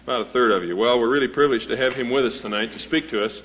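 Talking very fast, this man has a medium, somewhat bright voice and introduces a speaker to a live crowd with a humorous tale. He's folksy and wanders, constantly restarting and using fillers. The old recording is muffled and dull, with a little background noise.

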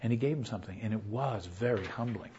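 A man's voice: on the low side, fast talker, mellow, slight background noise. A man preaching in an earnest, conversational way, telling a story and acting out what people said. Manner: earnest, conversational, acts out quotes. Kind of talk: storytelling sermon. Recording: dull lo-fi recording.

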